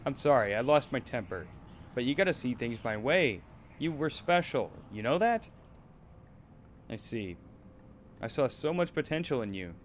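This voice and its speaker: A man's voice: mid-range voice, expressive, normal speed, long pauses, slight background noise, natural voice. A man voicing an abusive, bullying male talent manager in a game, berating and menacing in turn. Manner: berating, menacing, then wheedling.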